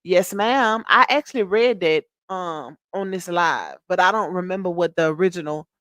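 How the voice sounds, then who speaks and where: A woman's voice: fairly low pitch, moderate pace, a bit bright, no room sound, studio quality. A woman hosting a casual gossip live stream, reading viewer comments aloud and answering them, emphatic and repetitive. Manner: chatty, emphatic, repeats herself, addresses viewers as y'all and child.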